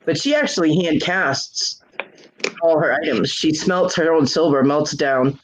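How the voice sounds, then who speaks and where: A woman co-host in casual chat, animated and quick to laugh. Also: low-pitched, slight background noise. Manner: animated storyteller, laughs often. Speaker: podcast co-host. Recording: dull lo-fi recording.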